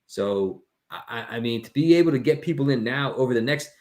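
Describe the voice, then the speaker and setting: A man talking enthusiastically on a casual crypto livestream, pitching an idea and calling everyone "man". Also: lively intonation, a little fast, a little mellow.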